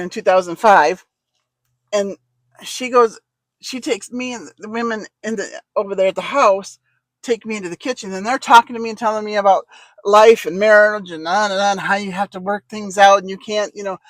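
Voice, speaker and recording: A woman telling a personal story in a casual, lively way, acting out the dialogue and laughing often. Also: medium pitch, no echo.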